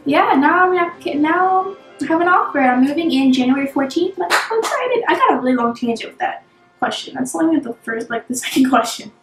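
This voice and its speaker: A woman's voice: high voice, roomy sound, rough recording. A young woman vlogging in a bubbly, rambling way, full of fillers. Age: young adult. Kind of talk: casual chat to camera.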